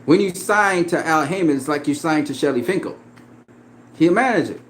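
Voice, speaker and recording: A man's voice: a little high, animated, brisk, a little hiss or hum. A man in a profane, confrontational casual rant about boxing, laughing often as he talks back at a critic. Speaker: boxing commentator.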